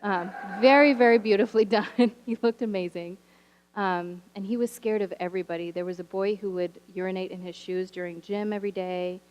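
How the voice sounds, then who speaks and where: Woman, teacher, sermon storytelling, animated, wry asides, church sanctuary. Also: mid-range voice, a little fast, a little hiss or hum, poor audio. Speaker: teacher sharing a story from the pulpit.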